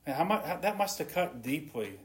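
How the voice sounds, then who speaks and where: A man preaching a sermon in an earnest tone, his voice dropping softly at the ends of phrases. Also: on the high side, big pitch swings, a little fast. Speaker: pastor.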